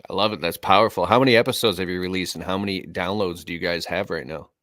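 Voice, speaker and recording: Deep-voiced enthusiastic man host. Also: quick pace, a bit bright, no room sound, clean studio sound. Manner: enthusiastic, complimentary, casual. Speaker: podcast host. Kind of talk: casual interview chat.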